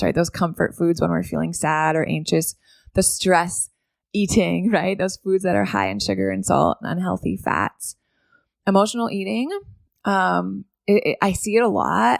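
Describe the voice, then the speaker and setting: Low, gravelly-voiced woman podcast host. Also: expressive, normal speed, dry recording, clean studio sound. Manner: conversational, keeps asking "right?". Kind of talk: solo podcast monologue.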